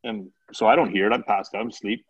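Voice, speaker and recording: Male guest, casual storyteller, animated delivery with acted quotes; dull lo-fi recording. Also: lowish voice, fast talker, slightly rough. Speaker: podcast guest.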